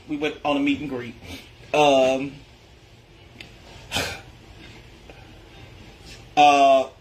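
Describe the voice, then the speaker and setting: A man with a high voice tells a story to his followers. He is chatty and emphatic and talks straight to his audience as "y'all". It sounds like a content creator's casual spoken vlog. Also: fairly bright tone. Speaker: social media content creator.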